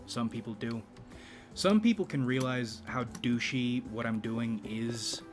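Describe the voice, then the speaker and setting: A man hosting a YouTube channel in a rambling, casual monologue, speaking in a deliberately low register with a slight vibrato. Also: faint music behind. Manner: rambling, with frequent restarts and profanity.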